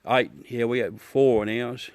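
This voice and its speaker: A man's voice: mid-range voice, steady tone, a little slow, a little mellow, dry recording. Laid-back Australian man, dry close sound. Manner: laid-back, blunt, swears, calls everyone mate. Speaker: livestream host. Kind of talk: casual live chat with viewers.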